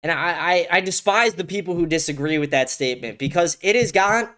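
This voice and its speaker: Brisk and animated, the host's slightly high voice has a fairly bright tone. He's ranting heatedly on his one-man commentary show, cursing often and repeating words whenever he stumbles into a new sentence.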